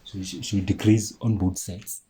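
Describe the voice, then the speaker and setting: A man's voice: on the low side, little pitch movement, normal speed, mellow, low-quality recording. A man teaching a maths lesson, talking informally to his viewers and repeating key points. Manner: chatty, addresses viewers as guys, repeats himself. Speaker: maths tutor.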